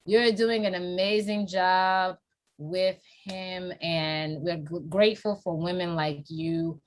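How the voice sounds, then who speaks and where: This host, a New York woman with the accent to match, runs a casual live-stream interview and cheers on her guest playfully and with lively energy. She speaks on the low side and takes her time.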